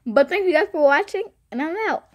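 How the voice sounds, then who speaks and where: A woman's voice: high-pitched, brisk, a little hiss or hum. A woman vlogger telling a casual storytime to her viewers, rambling and repeating phrases for emphasis. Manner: animated, speaks to viewers directly.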